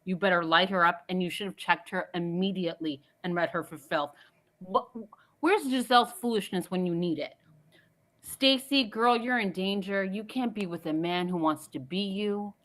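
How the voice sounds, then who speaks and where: A woman's voice: medium pitch, normal speed, a bit bright. Fired-up woman caller scolding the cast. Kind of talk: opinionated call-in commentary.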